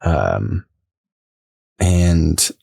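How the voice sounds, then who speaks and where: A man's voice: a bass voice, big pitch swings, very slow, gravelly, dark tone, breathy edge, no room sound, studio quality. A man co-hosting a podcast, recapping a TV episode in casual, rambling chat and laughing easily. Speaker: podcast co-host.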